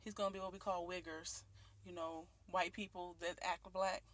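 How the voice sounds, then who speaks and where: A woman's voice: fairly low pitch, flat delivery, moderate pace, a bit bright. Earnest young woman, candid video monologue. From Detroit, Michigan, USA. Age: 20s. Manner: earnest, candid, emotional, with many ums and restarts. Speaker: vlogger. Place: at home and out in her neighborhood.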